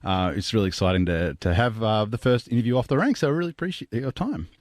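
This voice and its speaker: A man's voice: fairly low pitch, animated, quick pace, no room sound. An Australian man introducing a band and interviewing a guest on radio, friendly and enthusiastic, a bit rambling. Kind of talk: scripted intro then interview.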